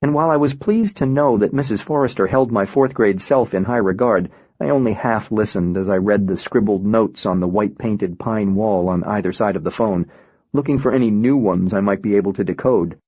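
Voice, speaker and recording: A man narrating an audiobook in the first person with a steady, reflective reading. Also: on the low side, fairly quick, no room sound, lo-fi sound.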